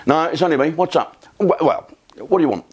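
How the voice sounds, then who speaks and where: A man's voice: on the high side, animated, fairly quick, a little mellow, breathy edge, pitched above the performer's own voice. A man voicing a blunt, impatient male shop assistant in a told joke. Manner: brusque, impatient questioning.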